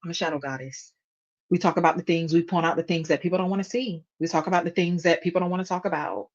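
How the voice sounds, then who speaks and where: A woman's voice: on the low side, fairly even intonation, quick pace, dull audio. A woman hosting a casual reaction video, blunt and sarcastic in her commentary.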